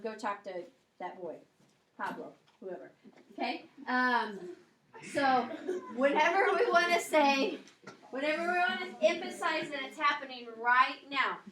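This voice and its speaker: High-voiced woman teaching in an echoey classroom. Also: a bit bright. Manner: explanatory, checks in with frequent "okay?" and "um". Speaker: Spanish teacher. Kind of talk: classroom grammar lecture.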